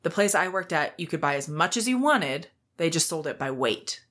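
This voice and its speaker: A woman co-host in casual podcast chat, with a voice that sits on the low side. Her pitch moves widely as she tells stories, and she jumps up high when acting out what people said. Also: moderate pace. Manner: animated storytelling, acting out quotes in a high voice.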